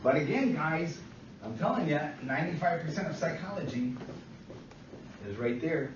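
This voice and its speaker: A man lectures to a classroom in a fairly high voice, repeating himself for emphasis and checking in with his students. He is heard from a distance in an echoey room, and the recording is dull and a little hissy. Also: expressive, normal speed. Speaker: instructor.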